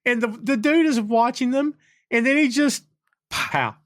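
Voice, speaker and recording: A man's voice: very high voice, a little slow, fairly bright tone, no echo, studio quality. A man hosting a podcast, chatting casually about a film with enthusiasm, laughing often. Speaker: podcast host. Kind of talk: casual film review chat.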